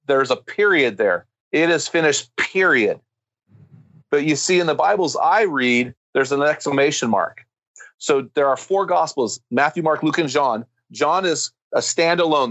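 A man's voice: a little high, moderate pace, a bit bright, no echo, poor audio. A man speaking as a guest, telling a story and preaching with emphatic, fervent build-ups. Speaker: guest speaker on men's ministry. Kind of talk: impassioned preaching-style storytelling.

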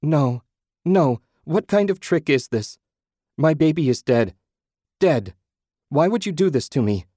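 A man's voice: mid-range voice, animated, unhurried, dark tone, no echo, pitched above the performer's own voice. A desperate young mother , put on by a male reader, pleads in a raised, trembling voice. Her questions tumble out frightened and grieving. The storybook recording is close and dry. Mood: desperate, crying. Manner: anxious, breaking into desperate cries.

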